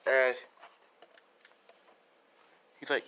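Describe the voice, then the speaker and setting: A man's voice: mid-range voice, lively intonation, a little slow, long pauses, fairly bright tone. A man casually retelling a fan story, rambling along with lots of fillers and swearing.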